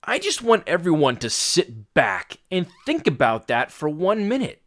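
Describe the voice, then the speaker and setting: Exasperated man ranting, high and lively. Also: a little slow. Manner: exasperated, blunt, swears. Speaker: fitness podcast host. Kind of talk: ranting podcast monologue.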